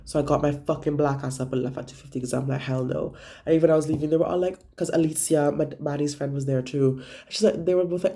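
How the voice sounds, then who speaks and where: A man's voice: fairly high pitch, steady tone, quick pace, warm tone. A young man vlogging about his week in a gossipy, profane way, acting out what friends said. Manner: gossipy, profane storytelling with acted-out quotes. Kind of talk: casual chat.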